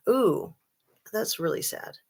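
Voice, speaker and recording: A woman's voice: fairly low pitch, expressive, drawn-out words, vocal fry, husky. A woman hosting a casual true-crime livestream, chatting and reading viewer comments with lots of ums and a sarcastic streak.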